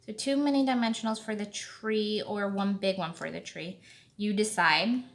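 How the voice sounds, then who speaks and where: A woman's voice: mid-range voice, fairly even intonation. A woman hosting a card-making tutorial, talking casually and thinking aloud as she works. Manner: slow, chatty, thinking aloud while working. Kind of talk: casual craft tutorial talk.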